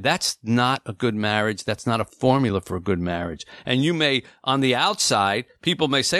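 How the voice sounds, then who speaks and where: A man in his forties co-hosting an advice talk show, speaking earnestly and slowing down to stress his key points. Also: medium pitch, fairly bright tone, dry recording, studio quality. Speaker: co-host.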